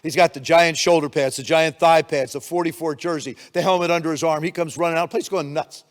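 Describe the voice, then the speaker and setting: Older guy giving a pumped-up keynote, high voice, hall reverb, handheld mic. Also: quick pace. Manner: energetic storytelling with acted-out quotes. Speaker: keynote speaker. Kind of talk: motivational keynote speech. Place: conference room.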